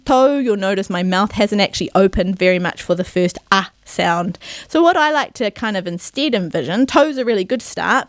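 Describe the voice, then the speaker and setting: A woman teaches pronunciation on television, stretching and shaping each vowel with care. Her voice sits at a middling pitch and is recorded close and dry. She keeps checking in with her viewers and urging them on as she goes. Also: dry recording. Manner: slow, careful enunciation of vowel sounds; encouraging, asks "yeah?" to check in. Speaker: Māori language presenter.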